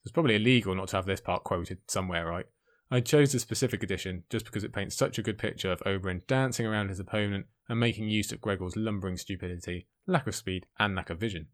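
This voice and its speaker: A man giving an excited commentary on a fantasy book, speaking emphatically between the passages he reads out. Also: low voice, quick pace. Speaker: book reviewer.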